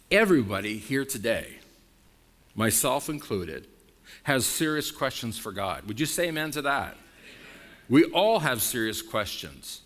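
A man preaching a sermon as pastor, emphatic and blunt, talking straight to his congregation. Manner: emphatic preaching with wide swings in pitch and loudness; direct, frank and blunt with the congregation.

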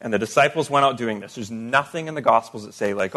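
A man's voice: medium pitch, quick pace, fairly bright tone. Man preaching a conversational sermon. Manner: conversational teaching with rhetorical questions. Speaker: pastor.

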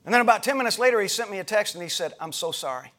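A man's voice: high-pitched, very fast, fairly bright tone. A middle-aged man from the United States, a pastor preaching a sermon, retelling a conversation in a loose, conversational way with frequent restarts. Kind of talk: sermon storytelling.

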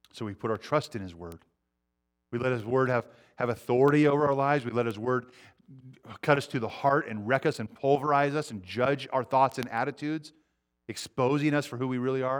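Earnest preaching man. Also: medium pitch. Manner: earnest, swings between loud urgency and quiet intensity. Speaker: pastor. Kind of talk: sermon.

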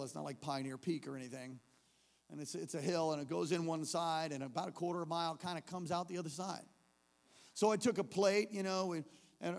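Animated high-voiced preacher in a reverberant church. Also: male voice, vocal fry. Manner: animated, building from hushed to shouting. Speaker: pastor. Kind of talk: storytelling sermon. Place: church service.

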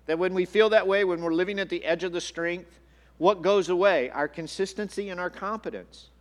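Male pastor, sermon delivery, slightly high voice, earnest and repetitive, hall reverb. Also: brisk. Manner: earnest, repeats words, restarts phrases. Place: church sanctuary.

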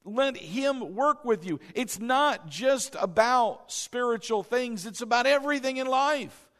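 A man's voice: extremely high pitch, a little slow, fairly bright tone. A man preaching a sermon as pastor, exhorting the congregation, repeating key lines and asking them questions. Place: church sanctuary. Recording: long hall reverb.

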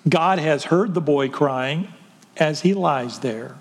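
A man's voice: on the high side, takes it slowly, long reverb tail. A man speaking as a firm, reassuring angel. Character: calm, commanding male angel messenger.

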